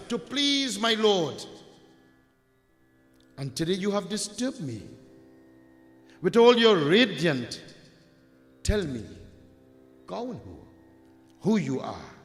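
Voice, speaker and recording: A man plays a calm but stern male god who questions and reproaches, slowly. The voice rides high with wide swings of pitch. Faint music sits under it in a reverberant hall. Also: full character voice. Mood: reproachful. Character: male deity, stern ascetic, calm authority.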